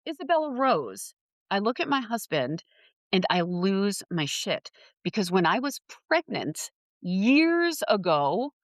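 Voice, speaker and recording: A woman guest on a podcast, telling a personal story with lively acted-out quotes. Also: medium pitch, dry recording. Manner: animated storyteller who acts out quoted voices.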